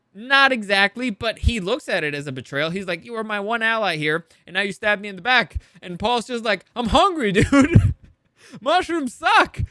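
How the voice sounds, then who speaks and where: A man with a high, bright voice rambles through an episode recap, acting out the characters with laughs and swearing. The sound is dry and close, with no room around it. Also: dry recording. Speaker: show reviewer.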